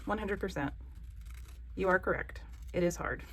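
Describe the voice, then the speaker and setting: A woman's voice: lowish voice, moderate pace. A woman with a Southern American accent hosts a casual craft tutorial, chatty, joking and encouraging. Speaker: craft channel host.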